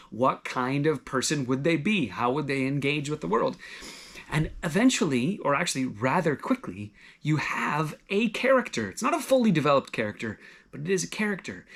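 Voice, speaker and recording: A man with a slightly high voice delivers a sermon in a relaxed, conversational way. He encourages his listeners gently and talks through everyday examples as though chatting with a friend. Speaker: pastor.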